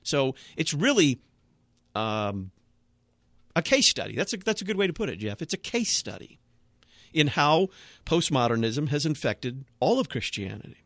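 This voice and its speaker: A man's voice: on the high side, sing-song, normal speed, fairly bright tone, no echo. Male pastor on a talk radio panel, emphatic and blunt, dry studio sound. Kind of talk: radio talk show discussion.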